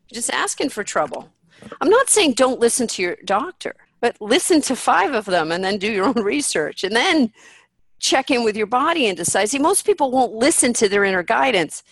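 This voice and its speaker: A woman's voice: on the high side, fairly bright tone, no room sound. A woman guest in a candid interview, talking bluntly and with animation, swearing freely and acting out what people say. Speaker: podcast guest.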